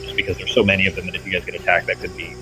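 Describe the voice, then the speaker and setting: A man running a tabletop game as game master, explaining rules in a relaxed way. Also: sits low, racing, over music.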